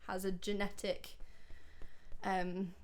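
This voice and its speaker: A woman's voice: mid-range voice, flat delivery, slow pace. A young woman co-hosting a podcast, chatting casually and gushing, laughing often. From Scotland. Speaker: podcast co-host. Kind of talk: casual chat.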